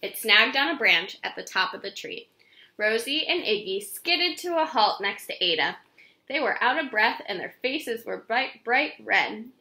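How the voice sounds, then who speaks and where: A woman reading a children's chapter book aloud in an expressive, animated way. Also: on the high side, unhurried, roomy sound. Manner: expressive, animated read-aloud with character voices.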